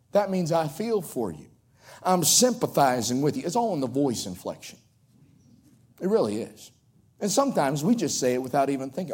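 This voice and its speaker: Southern man from the Carolina coast, high and animated pulpit voice. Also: moderate pace, breathy edge. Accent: coastal North Carolina. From Outer Banks of North Carolina. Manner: swings between ringing highs and hushed drops. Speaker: preacher. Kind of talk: sermon.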